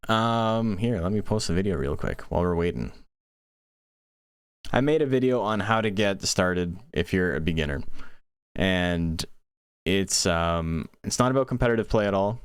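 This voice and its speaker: Deep-voiced man doing casual game commentary. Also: lively intonation, clear, resonant tone, no echo, clean studio sound. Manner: rapid, chatty, answers chat questions. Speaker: tournament commentator and streamer.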